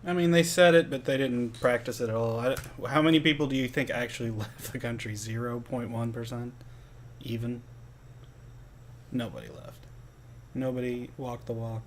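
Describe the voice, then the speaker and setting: A man's voice: medium pitch, steady tone, normal speed, slight background noise. Dry, skeptical man chiming in. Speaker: livestream co-host. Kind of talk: casual chat.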